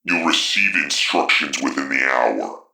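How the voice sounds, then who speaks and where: A man voicing a menacing kidnapper who speaks through a mechanical voice, slow and commanding. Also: very deep voice, expressive, creaky, pushed and bright, voice pushed down, exaggerated voice. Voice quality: mechanical, cold.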